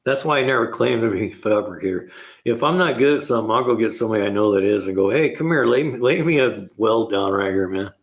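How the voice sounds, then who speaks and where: Older male mechanic host with a somewhat low voice, rambling through shop stories and chuckling as he acts out his own lines. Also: fast, gravelly. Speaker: host of a car repair live show. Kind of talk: casual shop talk.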